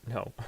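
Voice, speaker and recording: A man narrates a tabletop game as its game master, at an unhurried, drawn-out pace. His delivery is loose and casual, full of hesitant fillers, with frequent laughter.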